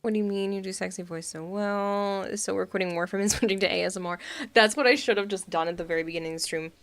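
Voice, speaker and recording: Streaming games from home, this young woman talks fast and casually, giggling a lot and poking fun at her chat. Her mid-range voice holds a steady tone, and the studio mic with pop filter gives a dry recording.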